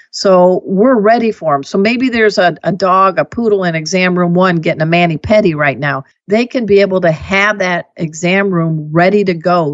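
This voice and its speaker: A woman who teaches pet first aid, telling stories and giving emphatic advice in a casual, animated way. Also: on the low side, dry recording. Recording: dull lo-fi dry audio.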